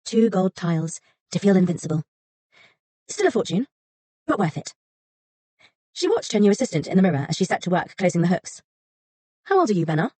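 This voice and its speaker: Woman audiobook narrator, measured and softly breathy, lower pitch. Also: no echo. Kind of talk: scripted narration.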